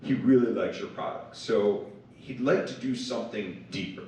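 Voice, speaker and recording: A man's voice: moderate pace, mellow, slight background noise, lightly acted. A man doing a half-joking impression of a persuasive British male business manager, attempting a British accent. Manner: high-pitched, half-joking put-on voice. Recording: echoey hall from far off.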